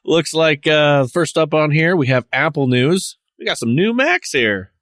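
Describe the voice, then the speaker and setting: A man's voice: a little high, animated, measured pace, a bit bright, no echo, studio quality. A man hosting a tech podcast, chatting casually, laughing often and joking with his co-hosts. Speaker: podcast host. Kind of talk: casual chat.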